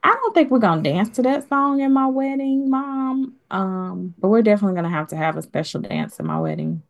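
A woman hosting a podcast, telling stories in a casual, animated way. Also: mid-range voice, brisk. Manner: animated storytelling, acts out voices. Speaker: podcast host. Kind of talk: casual chat.

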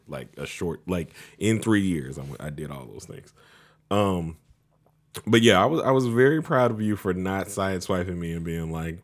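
A very deep-voiced man co-hosting a casual podcast, a bit stuffed up from allergies. He meanders, corrects himself mid-thought and teases playfully. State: congested from allergies. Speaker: podcast co-host.

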